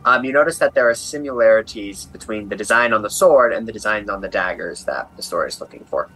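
A man narrating as game master of a tabletop game, describing scenes in a halting way with many fillers. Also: lowish voice, animated, sharp tone, rough recording.

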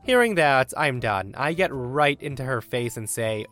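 Mężczyzna czytający historię w równym tempie. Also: male voice, medium pitch, lively intonation, normal speed, hardly any pauses, fairly bright tone, faint music behind. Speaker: narrator. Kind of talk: reading a Reddit story aloud.

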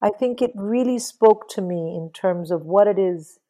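A middle-aged woman talking casually about books in an interview, animated and swearing freely. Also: medium pitch, normal speed, rough recording. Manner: animated, swears, mimics people in quotes. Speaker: guest.

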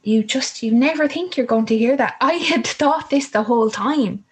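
A woman's voice: a little high, moderate pace, a little hiss or hum, rough recording. A young woman telling a personal story in a vivid way, acting out the voices of the people in it.

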